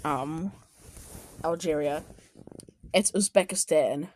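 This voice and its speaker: A woman giving casual, excitable reaction commentary on animated clips, often exclaiming and shouting. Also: sits low, slow pace. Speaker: video commentator.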